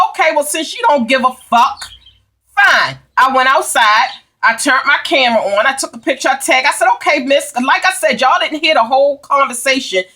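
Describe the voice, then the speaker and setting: A woman tells a heated story to her vlog viewers, swearing freely. Her voice is bright and sits a little high, and she presses every point hard. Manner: heated, profane, emphatic storytelling. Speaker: vlogger. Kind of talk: angry storytime rant.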